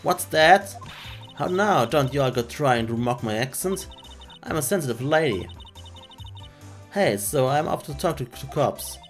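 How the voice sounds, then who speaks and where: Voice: medium pitch, animated, measured pace, long pauses, faint music behind, lightly acted. A streamer voicing a brash female photographer with a put-on Southern drawl, reading game dialogue aloud. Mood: sassy. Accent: American Southern. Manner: folksy, sassy, loud.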